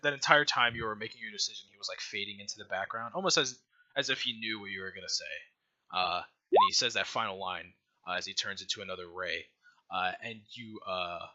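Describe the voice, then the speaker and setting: A man's voice: fairly low pitch, bright, forceful tone, highs cut off. A man narrating a tabletop game as game master, loose and casual and full of "like" and "uh".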